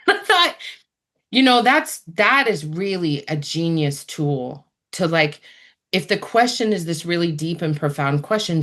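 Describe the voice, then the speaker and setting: A woman in a relaxed interview conversation, her speaking voice sitting a little low. She talks with energy and often slips into quick acted-out asides for the voices in her head. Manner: animated, acts out inner voices in quick asides. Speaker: guest.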